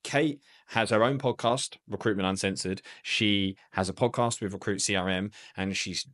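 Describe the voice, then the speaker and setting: A man's voice: on the low side, moderate pace, a bit bright. A man hosting a podcast, introducing his guest with enthusiasm and a self-deprecating aside. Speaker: podcast host. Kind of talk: scripted podcast intro, then casual chat.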